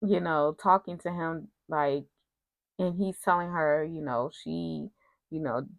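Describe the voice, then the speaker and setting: A woman's voice: low-pitched, slow pace, vocal fry, no echo, phone-quality sound. A woman casually recapping a TV soap episode, retelling scenes with quoted lines and personal asides.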